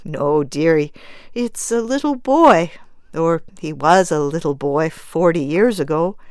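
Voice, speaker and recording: A kindly gray-haired old woman who speaks with gentle calm. A woman narrator voices her slowly, in a close, dry recording. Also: low voice, dry recording. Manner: kindly, soothing.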